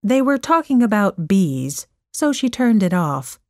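A woman narrating a storybook chapter in a careful, expressive reading voice. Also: medium pitch, unhurried, no room sound, studio quality.

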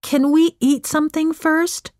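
A woman voicing a self-reliant nineteen-year-old young man who talks in a steady, reassuring way in a slow audiobook reading. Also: sits high, dry recording, clean studio sound, voice pushed up. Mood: pleading. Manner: reassuring, matter-of-fact.

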